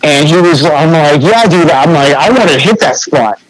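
A man's voice: a little high, expressive, moderate pace, background noise. A young man with a New England accent, a graffiti artist telling a story as a podcast guest in a laid-back, swearing, filler-heavy way. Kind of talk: casual storytelling chat.

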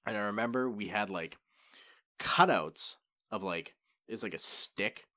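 A young man in casual chat, relaxed, throwing in quick reactions and jokes. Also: fairly low pitch.

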